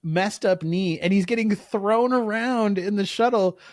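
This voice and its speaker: A man's voice: sits high, unhurried, dry recording, clean studio sound. A man co-hosting a podcast in casual chat, rambling with lots of fillers and laughing at his own jokes. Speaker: podcast co-host.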